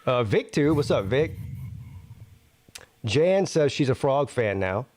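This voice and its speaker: A man's voice: mid-range voice, sing-song, slow, darkish tone, no echo. Chill guy hosting a stream, reading chat names, mid voice, dry sound. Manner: laid-back, reads out chat names. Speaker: livestream host. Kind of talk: casual livestream hosting.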